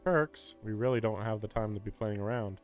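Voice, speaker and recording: A man's voice: lowish voice, brisk, faint music behind. A man streaming a visual novel, reading its text aloud and breaking off into wry, chatty commentary.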